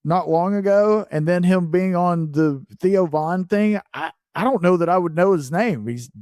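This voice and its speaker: A man co-hosting a casual podcast chat, talking in a halting way that trails off and restarts. His fairly high voice sounds dry and close. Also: darkish tone, no echo. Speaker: podcast co-host.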